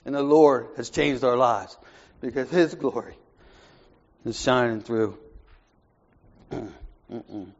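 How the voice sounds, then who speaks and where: A man leading an informal Bible study, talking in a conversational way that swings from soft asides to raised emphasis and keeps checking in with "right?". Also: mid-range voice, takes it slowly, vocal fry, pauses often. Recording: muffled lo-fi recording.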